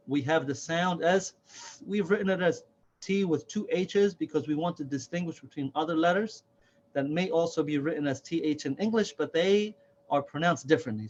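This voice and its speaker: A man teaching a slow, careful alphabet lesson, patiently repeating each letter's name and sound. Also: on the high side, darkish tone. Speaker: Quran reading teacher. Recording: dull, lo-fi sound.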